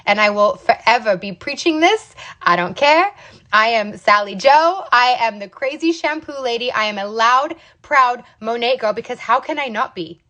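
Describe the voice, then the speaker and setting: Passionate young woman, sales rep, preachy pep-talk delivery, slightly high voice. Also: lively intonation, normal speed, pushed and bright. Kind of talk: emotional motivational livestream talk.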